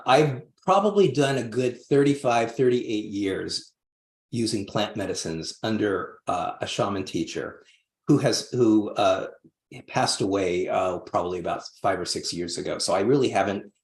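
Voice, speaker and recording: A man who is a podcast guest tells a long personal story, rambling with many restarts and acting out the voices he quotes. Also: fairly low pitch. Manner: acts out quoted voices animatedly. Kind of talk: storytelling interview answer. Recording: roomy echo.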